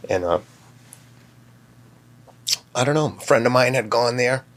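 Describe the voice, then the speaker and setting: A man in his fifties, a guest, talking candidly and telling personal stories, sometimes acting out his own shouting. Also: a little slow, pauses often. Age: 50s. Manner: acts out his own past yelling in sharp high bursts. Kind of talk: candid conversational storytelling.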